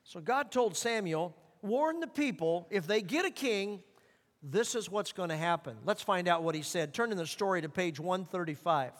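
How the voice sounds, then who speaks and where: High-voiced pastor in a reverberant hall. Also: male voice, expressive. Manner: earnest, slows for scripture and repeats for emphasis. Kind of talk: sermon. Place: church sanctuary. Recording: long reverb of a church hall.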